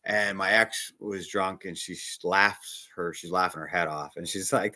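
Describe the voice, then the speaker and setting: A middle-aged man, a bishop, preaching a sermon with emotional personal testimony, talking in a confiding, animated way. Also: low voice, normal speed, hardly any pauses.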